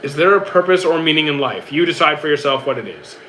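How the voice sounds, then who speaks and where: A man's voice: a little high, animated, fast talker, pushed and bright, a little hiss or hum, poor audio. A young man from Canada, a streamer casually answering chat questions in an easygoing, rambling way with many restarts.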